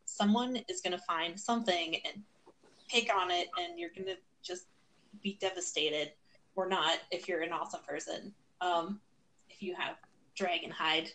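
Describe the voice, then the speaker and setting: A woman's voice: lowish voice, moderate pace, fairly bright tone, rough recording. A woman co-hosting a writing podcast, talking casually with a blunt, playful edge and some swearing. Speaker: podcast co-host.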